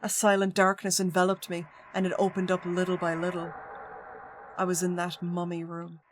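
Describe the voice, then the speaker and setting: A woman streamer reading a visual novel aloud in an expressive voice, dropping in joking asides. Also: fairly low pitch, normal speed, a little hiss or hum. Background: game music.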